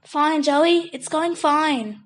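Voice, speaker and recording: Nervous young circus performer, hushed and hurried, voiced by a woman. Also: very high voice, expressive, pitched above the performer's own voice. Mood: urgent.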